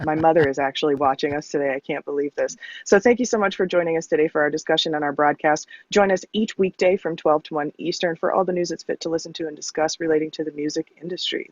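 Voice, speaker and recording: Man giving smooth radio-style announcements. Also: on the high side, fast talker, few pauses, no room sound, muffled recording. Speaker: co-host and moderator.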